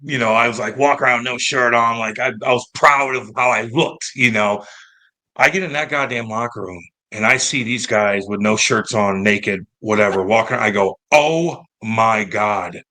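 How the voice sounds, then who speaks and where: A man in his thirties from St. Louis, a former pro hockey player telling stories in a casual, animated and profane interview. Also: mid-range voice, moderate pace. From St. Louis, United States. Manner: animated, profane, acts out quoted voices.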